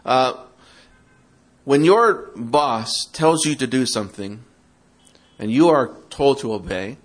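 A man's voice: mid-range voice, lively intonation, slow. A man preaching to parents in a sermon, asking the audience questions and acting out excuses in a mocking tone. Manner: interactive, asks the audience questions; acts out quoted excuses in a mocking tone.

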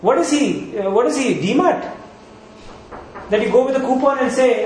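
A man's voice: very high-pitched, moderate pace, darkish tone. A man preaching a sermon as pastor, asking rhetorical questions and repeating points for emphasis. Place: church. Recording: echoey church hall with faint noise.

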